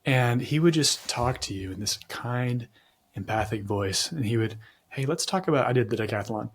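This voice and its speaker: A man's voice: medium pitch, moderate pace, slightly rough. Male host from Tennessee, casual interviewer, upbeat and affirming, tells anecdotes, mid-range voice. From Tennessee, USA. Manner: enthusiastic, affirming, storytelling. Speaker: podcast host.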